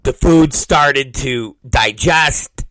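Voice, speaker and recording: A man in his forties hosting a talk show, telling a crude story with repeated words and sudden shouted exclamations. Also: mid-range voice, extremely slow, no echo. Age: 40s. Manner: vulgar, repetitive, bursts into shouted exclamations. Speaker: podcast host. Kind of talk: crude comedic monologue.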